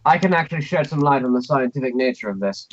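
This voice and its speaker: A man voicing a posh, upper-class British woman informant in a tabletop game, speaking in a measured, formal way with a put-on posh British accent. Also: mid-range voice, lively intonation, lo-fi sound, a little hiss or hum, close to an everyday voice. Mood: briefing. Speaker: game master voicing a character.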